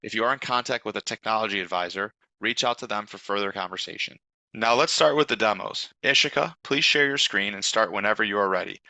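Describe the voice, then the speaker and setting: Bright-voiced male demo host. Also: fairly low pitch, fast, gravelly, dry recording, poor audio. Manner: polished, upbeat presenter. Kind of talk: scripted product demo presentation.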